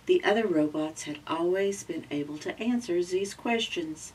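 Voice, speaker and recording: A woman with a Southern American accent reading a children's picture book aloud, gently and slowly, lifting her voice for the characters. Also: fairly low pitch, far from the mic, a little hiss or hum. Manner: gentle, slow storytelling with raised voices for characters.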